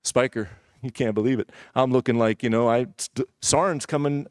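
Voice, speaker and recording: A man's voice: mid-range voice, steady tone, fairly quick, few pauses, no echo. Candid male preacher in a dry church recording. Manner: conversational, candid storytelling with asides. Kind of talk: personal testimony sermon.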